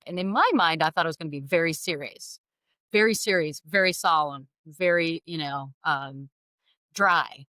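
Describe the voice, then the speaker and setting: A middle-aged woman, an author and interview guest, telling a personal story in an animated, self-deprecating way. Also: deep voice, measured pace, no room sound, studio quality.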